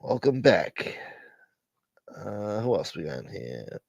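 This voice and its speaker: A man hosting a casual livestream, thanking donors and shouting out viewers by name in a profane, joking way. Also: fairly low pitch, big pitch swings, slow pace, gravelly, dry recording. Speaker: livestream host. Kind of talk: casual live chat reading donations.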